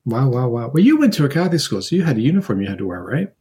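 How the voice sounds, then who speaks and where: A man's voice: medium pitch, sing-song, racing, warm tone, husky. A man co-hosting a casual music podcast, chatty, laughing and repeating himself. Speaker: podcast co-host. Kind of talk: casual chat.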